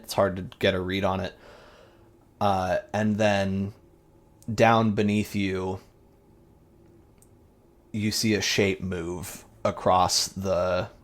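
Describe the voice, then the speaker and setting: A man narrating a tabletop game as game master, in a rambling, descriptive way with many fillers. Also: lowish voice.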